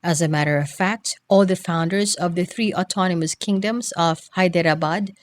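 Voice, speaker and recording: A woman narrating a history textbook as an audiobook reader, in a measured, phrase-by-phrase reading. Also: fairly low pitch.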